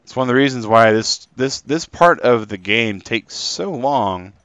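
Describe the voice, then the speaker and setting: A man's voice: medium pitch, expressive, unhurried, a bit bright, smooth, no room sound. A man live-streaming a game, chatting and rambling casually to his viewers. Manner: chatty and rambling, talking to chat.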